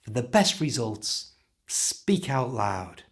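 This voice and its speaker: British man teaching English phrases, lively pitch. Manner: clear, slow modelling of pronunciation. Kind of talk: explaining phrases to learners.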